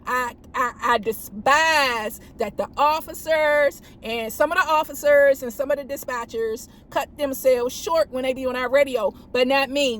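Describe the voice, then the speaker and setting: A woman's voice: high-pitched, a little hiss or hum. A woman police officer telling work stories in casual chat, acting out radio calls in a raised voice. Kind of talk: casual storytelling.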